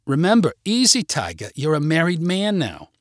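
A man voicing a loud, pushy, jealous middle-aged wife who talks insistently and indignantly. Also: a little high, wildly swooping pitch, moderate pace, no echo, studio quality.

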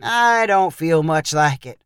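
A man's voice: on the high side, lively intonation, slow pace, a bit bright, clear, resonant tone, no room sound, clean studio sound. A man reading the part of an easygoing old ranch grandfather, drawling and matter-of-fact.

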